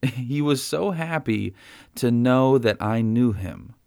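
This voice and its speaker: Man, pastor, sermon, conversational, gravelly, dry sound. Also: mid-range voice, lively intonation, slow, a little mellow, no room sound. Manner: conversational preaching, frequent "right?".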